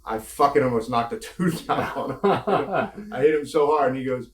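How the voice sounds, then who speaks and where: A man's voice: medium pitch, animated, normal speed. A former pro wrestler telling candid, laughing stories from his career in a casual interview, swearing now and then. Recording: echoey room.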